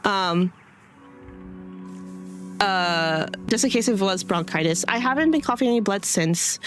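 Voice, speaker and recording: A woman's voice: mid-range voice, lively intonation, unhurried, soft background music. A woman streamer chatting casually with her audience, rambling with many fillers and restarts, her throat a little dry. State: dry throat, clearing it now and then.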